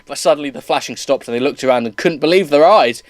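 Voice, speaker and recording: With a fairly high voice and a fast pace, a man reads bad fan fiction aloud for laughs in a recording with no echo. His comedic dramatic reading comes with commentary, and he often cracks up and stumbles over words.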